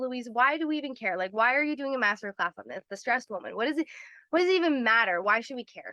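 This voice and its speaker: A woman's voice: on the high side, pushed and bright, no room sound, dull audio. A woman hosting a live health webinar, explaining in a chatty way, laughing often and acting out little voices as she goes.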